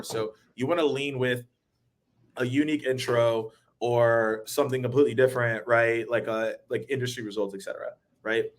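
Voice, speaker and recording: A man hosting a webinar over a video call, upbeat and quick to laugh, giving shout-outs to viewers. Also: medium pitch. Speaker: webinar host. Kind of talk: casual panel chat.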